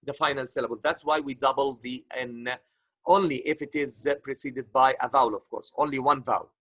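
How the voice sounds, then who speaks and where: A man's voice: mid-range voice, brisk, a bit bright, no echo, rough recording. A man teaching an online grammar lesson, patient, repeating points with many fillers. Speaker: English teacher.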